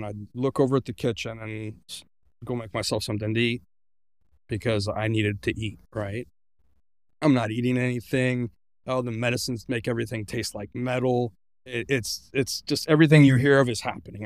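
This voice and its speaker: Man, podcast guest, gravelly, dry close sound, earnest personal storytelling. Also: medium pitch, fairly even intonation, normal speed, no echo. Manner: earnest, vivid retelling with quoted inner thoughts.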